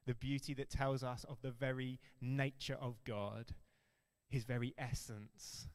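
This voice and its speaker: A man delivers a sermon as a pastor, earnest and emphatic, slowing down to stress key phrases. His voice is mid-range with a flat delivery, and the sound carries the feel of a big room.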